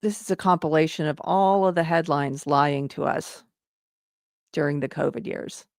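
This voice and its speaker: A woman's voice: low-pitched, normal speed, darkish tone, no room sound, clean studio sound. A woman hosting her own show, talking earnestly and directly to her viewers in a commentary style. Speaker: show host.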